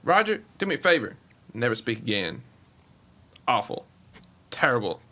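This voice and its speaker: A man's voice: medium pitch, sing-song, moderate pace, background noise, pitched below the performer's own voice, lightly acted. A man doing an impression of a bossy, condescending older male team owner with a drawl.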